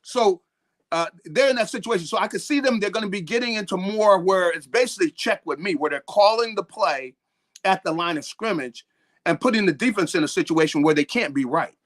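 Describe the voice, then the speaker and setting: A man's voice: high-pitched, animated, a little fast, fairly bright tone. A man talking football as a guest on a sports show, in a rambling way with lots of repeated words and restarts. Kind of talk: sports talk interview.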